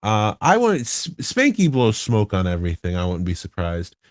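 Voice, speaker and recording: A podcast host with a lowish voice and wildly swooping pitch speaks at a moderate pace, with no echo in the room. His casual talk about online game politics rambles and self-corrects, his arguments built up through rhetorical questions.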